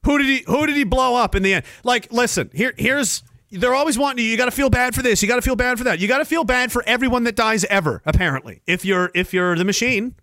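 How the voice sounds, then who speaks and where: A man hosting a podcast, delivering a sarcastic, profane rant with loud outbursts. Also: extremely high pitch, fast, dry recording, clean studio sound. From Canada. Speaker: podcast host. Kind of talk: angry ranting monologue.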